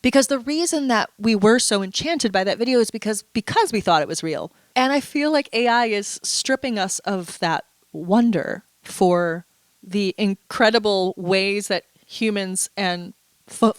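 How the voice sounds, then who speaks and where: A woman's voice: mid-range voice, measured pace, no room sound. A woman vlogger in a casual, chatty monologue, playful and full of asides, a little stuffy and under the weather. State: stuffy, feeling unwell.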